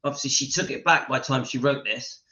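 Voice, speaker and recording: A man's voice: medium pitch, fast, bright, forceful tone, rough recording. A man hosting a casual livestream, reading viewer comments aloud and giving his opinions emphatically. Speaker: channel host reading live chat.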